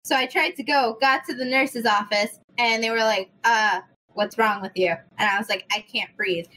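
Bright high-voiced young woman telling a story. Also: moderate pace, low-quality recording. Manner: animated, swears freely, acts out quoted people. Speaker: podcast host. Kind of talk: casual storytelling chat.

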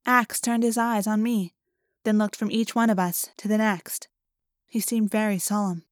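A woman reading a first-person audiobook in a clear, even storytelling manner. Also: mid-range voice, normal speed, no room sound, studio quality. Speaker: audiobook narrator.

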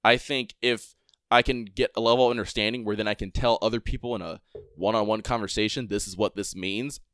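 A man's voice: on the low side, fairly even intonation, fairly bright tone, clean tone, dry recording, studio quality. A man co-hosting a podcast, ranting in a casual, emphatic way with lots of fillers. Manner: emphatic, fast and filler-heavy. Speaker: podcast co-host.

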